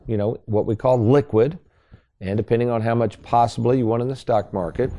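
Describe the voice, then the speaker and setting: Man, financial radio host, folksy sales pitch, lowish voice, mellow tone. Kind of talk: radio talk show.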